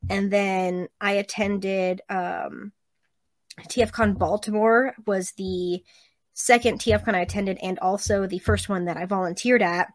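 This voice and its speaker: A woman's voice: medium pitch, a little slow, no room sound. Chatty woman guest, casual, laughs easily, dry close sound. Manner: chatty, laughs often, lively retelling. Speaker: podcast guest, convention volunteer. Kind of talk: casual chat.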